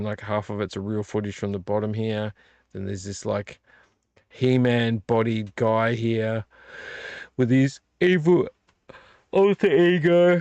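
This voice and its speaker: Tired vlog host, gravelly, dry close sound, rambling chat. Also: male voice, on the low side, no echo, lo-fi sound. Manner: relaxed, rambling, complains about covers. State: tired and yawning. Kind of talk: casual late-night chat. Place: home room.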